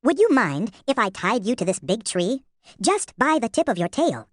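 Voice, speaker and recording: A woman voicing a timid but crafty man in a children's story who pleads and flatters. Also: fairly high pitch, moderate pace, dry recording, studio quality. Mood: pleading.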